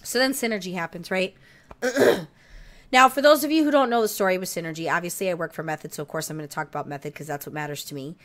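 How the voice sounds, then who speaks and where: A woman co-hosting a podcast, telling a story in casual chat, animated, swearing freely, with laughs and frequent throat clearing. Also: lowish voice, fast talker. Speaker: podcast co-host.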